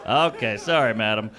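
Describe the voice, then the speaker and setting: A man doing improvised stand-up comedy in a club, riffing crudely at speed and chuckling at his own jokes. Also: fairly low pitch. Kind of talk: improvised stand-up off audience suggestions. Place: comedy club stage before a live audience.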